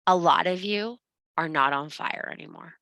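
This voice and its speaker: A woman's voice: fairly low pitch, normal speed, gravelly, sharp tone, no echo. A woman teaching a spiritual class, blunt and profane, scolding and urging her students. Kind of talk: blunt motivational class talk.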